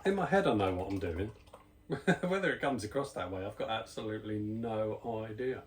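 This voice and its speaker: A man's voice: lowish voice, lively intonation, normal speed, slight background noise. Chatty British-based man reviewing beer. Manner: chatty, rambling, self-deprecating asides. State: slightly out of breath. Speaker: beer reviewer, channel host. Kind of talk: casual spoken beer review.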